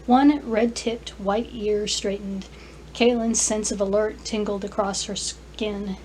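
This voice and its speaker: A woman author reading her own fantasy story aloud, careful and clear, with small restarts. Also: medium pitch, steady tone, slow, darkish tone, a little hiss or hum, rough recording. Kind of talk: scripted narration, story reading.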